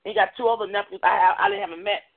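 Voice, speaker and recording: A woman giving an earnest personal testimony as a guest speaker, halting often and restarting her words. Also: fairly high pitch, sing-song, vocal fry. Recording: tinny phone-like audio.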